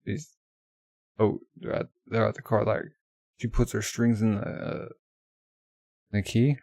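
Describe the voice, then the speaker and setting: A man's voice: fairly low pitch, steady tone, unhurried, creaky, darkish tone, no echo. A man casually reading a manga aloud in a loose, offhand way full of fillers. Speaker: manga reader.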